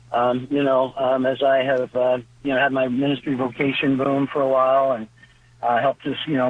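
A man's voice: mid-range voice, no echo. A man speaking as a seminarian co-host on a call-in religious radio show, filling his talk with "uh" and "you know", heard over the phone. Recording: tinny phone line.

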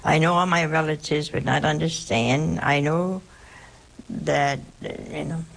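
An older woman, a nun, recalling her life in halting oral-history storytelling, often repeating words and adding "see" or "you know". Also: low-pitched, fairly even intonation, gravelly, low-quality recording.

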